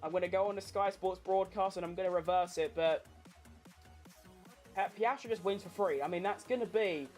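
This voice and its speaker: A woman commentating a race watchalong live, sweary and excitable. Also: lowish voice, normal speed, faint music behind. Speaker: streamer hosting a race watchalong.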